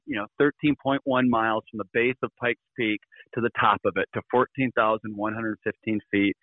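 A man, a guest in a radio interview, telling a personal story in an animated way and laughing between lines. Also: mid-range voice, dry recording, phone-quality sound.

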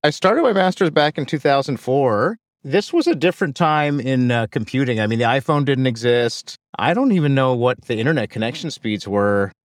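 A man's voice: mid-range voice, normal speed, few pauses, no room sound, clean studio sound. A man in his forties, an enthusiastic startup founder telling stories as a podcast guest in casual conversation. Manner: enthusiastic, animated storyteller.

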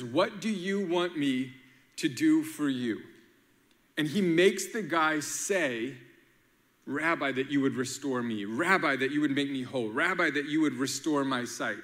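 A man preaches with a bright, forward voice pitched a touch high. He is lively and playful, jumping into acted-out quotes and rhymes to drive his points home. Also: long reverb tail. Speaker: pastor. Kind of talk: sermon.

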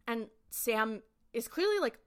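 A woman's voice: a little high, big pitch swings, a little slow, clean tone. A woman podcast co-host casually recapping a TV episode, chatty and full of "like" fillers.

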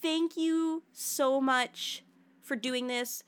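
An enthusiastic woman podcast host with a fairly high voice talks in a casual, chatty way. She comes across lively and eager, like someone hosting a relaxed chat. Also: very slow. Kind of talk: casual chat about musicals.

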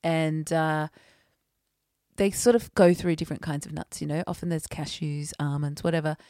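A woman's voice: deep voice, moderate pace, dry recording, studio quality. A woman, chatting casually and telling funny stories, laughing often and acting out the people she quotes. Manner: animated storyteller, laughs often, acts out quoted voices. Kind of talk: casual chat and storytelling.

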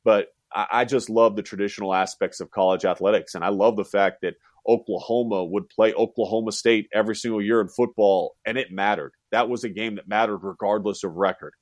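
A middle-aged man from the United States talks basketball in a loose, animated podcast chat, slipping into fans' voices as he goes. His voice sits on the low side. The sound is dry and close to the mic. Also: a little fast, few pauses, no room sound. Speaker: college basketball analyst.

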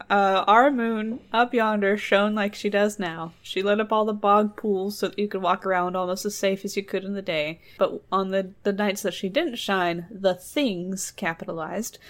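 A woman's voice: medium pitch, normal speed. A woman reading a folk tale aloud and breaking off into joking asides. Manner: joking digressions, trailing off. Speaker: storyteller host. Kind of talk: casual storytelling with asides.

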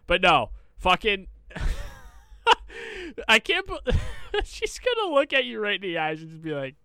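A man's voice: sits high, wildly swooping pitch, a little slow, sharp tone, clear, resonant tone, no echo, studio quality. A young man co-hosting a casual podcast, laughing often and mimicking customers while ranting and swearing freely. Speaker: podcast co-host. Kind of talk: casual chat.

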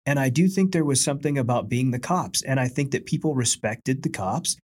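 A man's voice: medium pitch, breathy edge. A man who was once a police officer, talking reflectively in a casual chat, often restarting his sentences. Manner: reflective, halting, repeats his words.

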